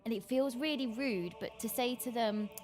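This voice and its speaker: A woman's voice: a little high, over music. A woman co-hosting a casual stream, chiming in with laughs. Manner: laughs often, slow and lively. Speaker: co-host. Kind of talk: casual chat.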